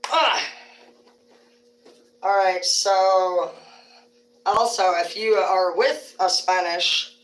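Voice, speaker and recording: A woman's voice: fairly low pitch, steady tone, slow. Rambling, foul-mouthed woman livestreaming. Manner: rambling, profane storytelling. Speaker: livestream host. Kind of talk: casual livestream chat. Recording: roomy sound from a distant mic.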